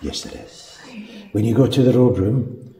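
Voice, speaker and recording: Deep-voiced Scottish tour guide, echoey hall. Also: male voice, sing-song, moderate pace, vocal fry, mellow. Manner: chatty storyteller, chuckles often. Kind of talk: casual chat and guided tour. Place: large castle room indoors. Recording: echoey hall from far off with noise.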